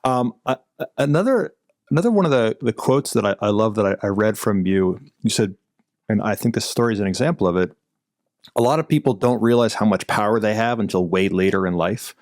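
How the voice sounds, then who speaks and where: A man hosting an interview, asking questions in a halting, conversational way. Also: lowish voice, animated, darkish tone, no echo, studio quality. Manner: halting, restarts while quoting. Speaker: interviewer, host.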